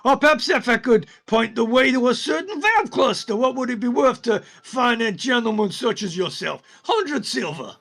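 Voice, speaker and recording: A man's voice: extremely high pitch, lively intonation, normal speed, vocal fry, few pauses, fairly bright tone, pitched above the performer's own voice, exaggerated voice. A man voicing a greedy, pushy male goblin market trader with a wheedling sales patter. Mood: haggling.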